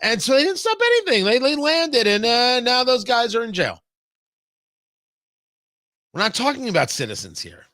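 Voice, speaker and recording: A man hosting a political talk show, delivering opinionated commentary with sarcastic jabs and quick low asides. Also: no echo, studio quality. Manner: animated, sarcastic, swings between loud jabs and low asides. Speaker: radio talk show host.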